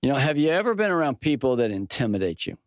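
A middle-aged man teaching from the Bible in a relaxed, folksy way, mixing scripture with a personal sports story and lively quoted dialogue. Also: mid-range voice, fast, no echo, studio quality. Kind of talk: conversational Bible teaching with stories.

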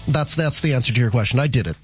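A man's voice: medium pitch, racing, soft background music. A man hosting a radio talk show in an easygoing way, sometimes stumbling over his words.

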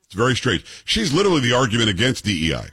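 A man's voice: mid-range voice, wildly swooping pitch, racing, a bit bright, husky, no echo. A man in his fifties hosting a commentary show, arguing with clips in a combative, sarcastic way and firing off rhetorical questions. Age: 50s.

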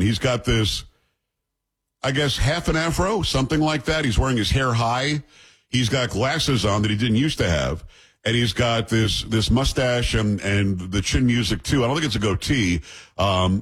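Husky, blunt New man. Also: mid-range voice. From New York. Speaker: show host and commentator. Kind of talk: political commentary.

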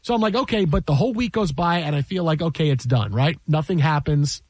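A man's voice: on the high side, brisk, darkish tone, dry recording. A man who works in sports broadcasting tells a story in casual chat, exasperated, repeating himself and acting out what people said.

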